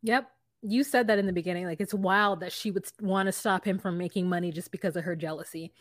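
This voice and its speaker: A woman's voice: fairly low pitch, fairly even intonation, quick pace, dry recording, studio quality. A woman co-hosting a podcast, retelling a scene in casual chat and acting out both sides of it. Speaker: podcast co-host.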